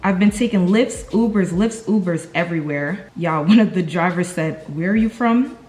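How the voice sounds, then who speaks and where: A young New York vlogger with a New York accent chats casually to camera from home, talkative and slangy, addressing viewers straight on as "y'all." Her voice is fairly low and a little mellow, at a normal speed.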